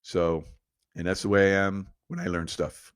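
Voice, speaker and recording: Rambling low-voiced man, dry sound. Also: little pitch movement, moderate pace, clean tone, no echo. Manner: rambling, conspiratorial, laughs often. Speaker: podcast host. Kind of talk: casual storytelling monologue.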